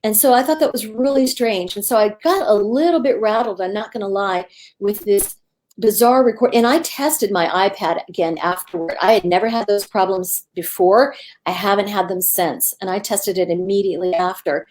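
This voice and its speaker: A woman's voice: mid-range voice, normal speed. A woman appearing as a guest medium, telling her story in a casual, rambling way with many fillers. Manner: rambling, animated retelling with fillers.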